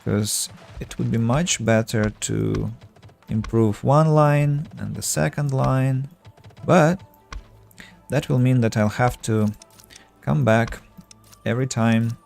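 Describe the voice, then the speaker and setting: Tired-voiced man, slow, gravelly commentary. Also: mid-range voice, fairly even intonation, a little mellow, soft background music. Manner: thinks aloud, halting with restarts. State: tired, fading voice. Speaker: game streamer. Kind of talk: casual gameplay commentary. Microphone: earbuds.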